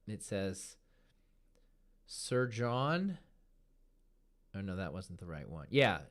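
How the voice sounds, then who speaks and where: Hosting a live stream, a man with a fairly low voice talks through trading charts slowly and easily, pointing out moves on the screen. He repeats words like a running count as he explains, and he sounds seated at his desk mic.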